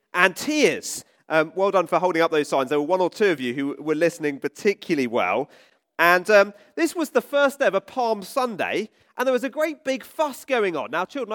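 A man preaching an all-age sermon in a church, asking children questions in an animated way. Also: high voice, dry recording, studio quality.

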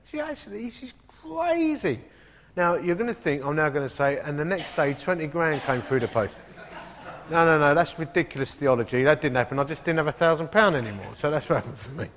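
Pastor telling stories in echoey hall. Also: male voice, fairly high pitch, fast talker, a little hiss or hum. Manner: animated anecdotal, comic asides. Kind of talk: storytelling sermon.

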